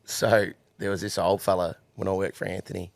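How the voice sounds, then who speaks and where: A man's voice: low voice, creaky, a bit bright, no echo. A young Australian man, a horse trainer, telling crude stories with lots of swearing and laughter in a casual podcast chat.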